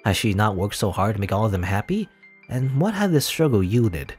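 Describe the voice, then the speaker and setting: Male gamer reading a story game aloud, animated and casual, soft music underneath. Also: lowish voice, a little fast, breathy edge. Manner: casual, chuckling asides. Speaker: let's play host. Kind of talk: reading a game's text aloud with asides.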